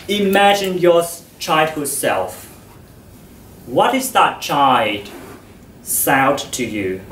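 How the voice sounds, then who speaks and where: A man giving a public talk to an audience about voice, speaking in a slow, measured, expressive way. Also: a little high, slight background noise. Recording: echoey hall, distant mic.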